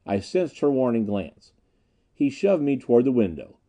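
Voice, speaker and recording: A man giving a dramatic, expressive audiobook narration. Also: mid-range voice, normal speed.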